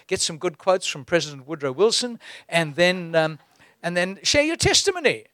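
Animated male preacher, dry close sound. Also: high voice, fairly quick, no room sound. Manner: animated, exhorting preaching with chuckles. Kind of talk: sermon.

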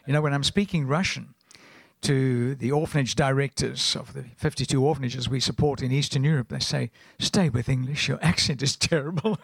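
Gravelly older South African preacher. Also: male voice, medium pitch, dry recording. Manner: rambling, anecdotal, often clears throat. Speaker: guest preacher. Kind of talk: sermon.

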